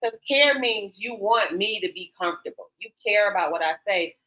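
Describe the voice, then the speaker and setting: Older woman, radio talk host, frank and animated, bright forceful tone, slightly lo-fi. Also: mid-range voice, moderate pace. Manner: frank, animated storytelling with acted-out quotes. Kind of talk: candid casual talk show conversation. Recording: slightly dull lo-fi sound.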